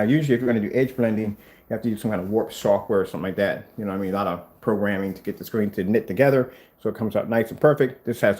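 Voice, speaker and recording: A man talks rapidly into the camera from a workshop full of projectors. He rambles and leans hard on his points. His voice sits at an ordinary middle pitch. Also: a little mellow. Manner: rambling and emphatic, mimics others in high voices. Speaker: screen paint business owner. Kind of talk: casual vlog rant.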